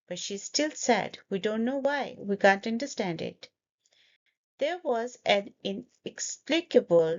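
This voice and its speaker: A woman teaching English pronunciation, breaking a word into syllables and repeating it slowly for learners. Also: mid-range voice, darkish tone, muffled recording. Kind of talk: slow, deliberate pronunciation lesson.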